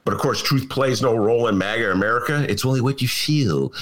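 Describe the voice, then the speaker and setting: A man's voice: mid-range voice, brisk. A man in his sixties hosting a political comedy talk show, sarcastic and mocking, long rooted in Chicago. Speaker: podcast host.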